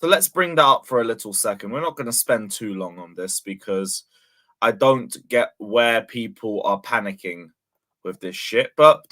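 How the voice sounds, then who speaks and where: A man's voice: fairly low pitch, lively intonation, normal speed, pushed and bright. A man hosting a football fan channel, ranting in an exasperated, sarcastic way and swearing often. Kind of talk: casual fan vlog rant.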